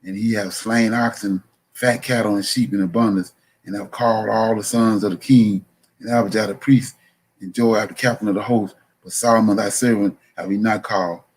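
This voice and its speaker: Guy preaching from the bible, reads a verse then explains it, trips on the names, slightly low husky voice. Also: steady tone. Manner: reads scripture aloud haltingly, stumbling on names, then explains. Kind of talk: Bible reading with commentary.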